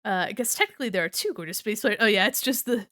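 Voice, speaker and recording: A woman's voice: medium pitch, lively intonation, fast talker, pushed and bright, dry recording, studio quality. A young woman streaming as a VTuber, chatting casually and giggling with viewers while she draws, with a slight valley-girl lilt. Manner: says she sounds a bit like a valley girl. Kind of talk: casual live-stream chat while drawing.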